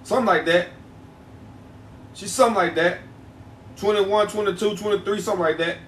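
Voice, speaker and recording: This herbal-products livestream host has a high, slightly bright voice with fairly even intonation. He chats casually with viewers in a loose, repetitive way, stretching out his phrases. Room echo, some distance from the mic, and a little hiss or hum are audible.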